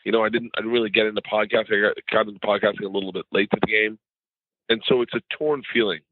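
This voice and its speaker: A middle-aged man, a comedian guest at home, telling rambling, animated stories in a casual interview. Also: lowish voice, rapid-fire, dry recording. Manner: rambling, animated storyteller who mimics others in conversation. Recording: tinny phone-like line.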